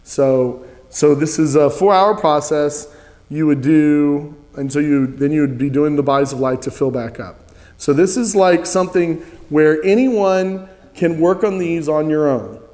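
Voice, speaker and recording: A man's voice: a little high, a little slow, darkish tone, in a large hall. A man teaching a spiritual practice, earnest, leading listeners in repeated chants.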